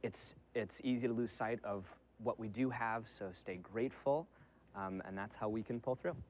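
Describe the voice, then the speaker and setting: An earnest man on a video-call panel, speaking haltingly with fillers. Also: lowish voice, a little mellow, slight background noise. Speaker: voice actor panelist. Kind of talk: casual panel chat.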